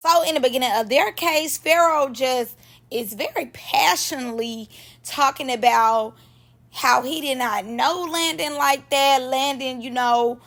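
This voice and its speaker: A woman giving casual reaction commentary on a reality show, animated and slangy, laughing often between remarks. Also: high voice, a little slow.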